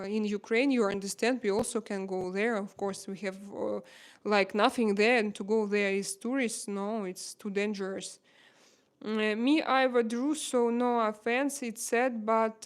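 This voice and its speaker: A woman in her thirties from Russia, speaking English with a Russian accent as a livestream host, emotional and pleading, halting often to find words. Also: mid-range voice, smooth. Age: 30s. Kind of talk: casual livestream chat.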